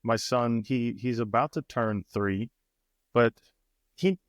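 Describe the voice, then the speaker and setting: A personal coach and podcast co-host in his thirties takes his time telling a family story in a mid-range voice. He restarts many times and acts out quoted voices; the studio-quality recording has no echo.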